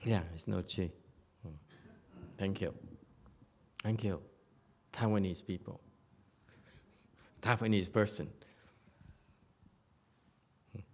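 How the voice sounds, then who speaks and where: Gravelly, blunt Buddhist master teasing. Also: male voice, low voice, slow, long pauses. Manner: blunt, teasing, full of fillers and restarts. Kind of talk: dharma lecture. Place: meditation center hall.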